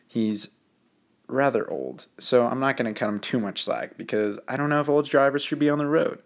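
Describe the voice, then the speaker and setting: A man's voice: medium pitch, animated, normal speed. A teenage boy telling a story in a casual, joking way, rambling with lots of fillers and poking fun at himself. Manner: rambling, filler-heavy, self-mocking. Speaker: student narrating a drawing video.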